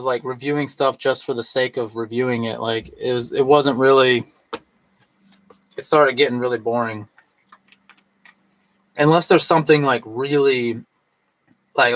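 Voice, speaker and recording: A man's voice: medium pitch, a bit bright. A man chatting casually on a live stream while drinking, rambling and tipsy, with lots of fillers and restarts.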